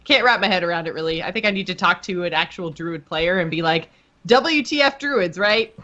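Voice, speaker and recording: A woman with a somewhat low voice co-hosts a gaming podcast. She talks in a chatty, giggly way, filling her speech with likes and ums. The recording sounds dull and lo-fi. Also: steady tone, quick pace, sharp tone. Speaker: podcast co-host. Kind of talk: casual gaming chat.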